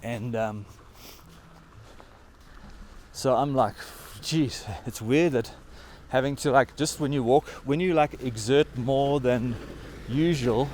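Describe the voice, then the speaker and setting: A man's voice: medium pitch, measured pace, few pauses, a little mellow, slight background noise. Breathless South African man vlogging on a hike. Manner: rambling, loose, lots of fillers. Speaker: travel vlogger. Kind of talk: casual vlog chat while hiking. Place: outdoors on a high mountain trail.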